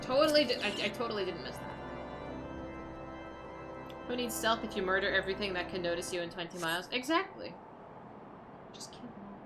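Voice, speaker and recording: A woman's voice: mid-range voice, brisk, pauses often. Chatty woman streamer over game music. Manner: chatty and rambling, many fillers. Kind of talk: casual livestream chat while gaming.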